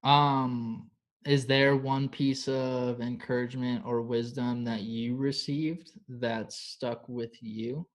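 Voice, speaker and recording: A man hosting an interview podcast and asking questions in a relaxed, casual way, with plenty of "like" and "totally". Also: mid-range voice, slow. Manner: laid-back, filler-heavy talk with lots of "like" and "totally". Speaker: podcast host.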